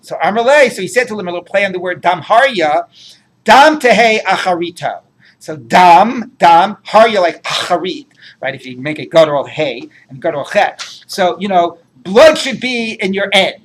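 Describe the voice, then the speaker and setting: A man's voice: sits high, expressive, normal speed. A man teaching a Talmud class, translating Aramaic phrases line by line, chatty and prone to jokes.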